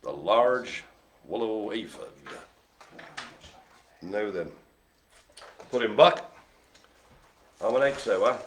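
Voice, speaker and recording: A man's voice: on the low side, animated, takes it slowly, pauses often. A man hosting a live online bingo game, rambling and joking as he stumbles over hard names. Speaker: bingo host.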